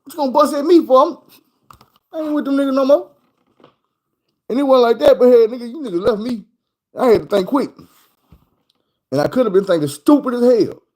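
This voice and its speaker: A man's voice: very high voice, a little fast, long pauses, low-quality recording. A man casually telling a story in loose, profane street talk, acting out the people in it. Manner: animated, acts out the people in his story. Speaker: streamer.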